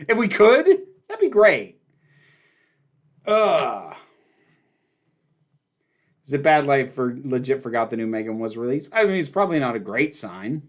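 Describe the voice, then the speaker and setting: Male streamer host, emphatic and opinionated, lively up-and-down delivery. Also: medium pitch, unhurried, long pauses. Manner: opinionated, emphatic, rambling with fillers. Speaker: livestream host answering viewer questions. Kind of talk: casual livestream chat.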